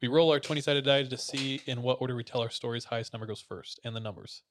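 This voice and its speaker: A man hosting a podcast, casually retelling a listener's ghost story to his co-hosts in a relaxed, slangy way. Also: mid-range voice, fast talker, soft background music. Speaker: podcast host.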